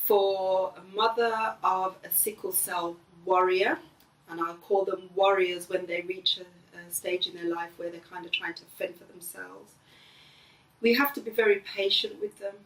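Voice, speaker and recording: A middle-aged woman, the host's mother, talking gently and earnestly in a casual family conversation. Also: mid-range voice, fairly even intonation, unhurried, far from the mic. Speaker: mother of the host. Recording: echoey room, voice a bit off-mic.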